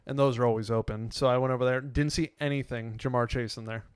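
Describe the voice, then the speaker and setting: A young man co-hosting a podcast in casual chat, telling stories with lively quoted voices and frequent laughs. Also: fast, clean tone, dry recording, clean studio sound. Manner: animated storyteller, acts out quotes with sudden loud pitch jumps, laughs often. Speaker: podcast co-host.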